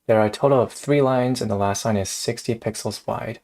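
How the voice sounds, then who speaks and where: A man's voice: mid-range voice, fairly quick, creaky, a little mellow. A man hosting a casual live coding stream, thinking aloud in a hesitant way and often laughing. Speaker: streamer host.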